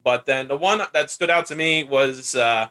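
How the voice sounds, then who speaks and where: A man's voice: mid-range voice, normal speed, pushed and bright. A man hosting a casual chat show, rambling and laughing as he retells scenes. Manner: chatty, laughs while retelling scenes in put-on voices. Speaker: podcast host.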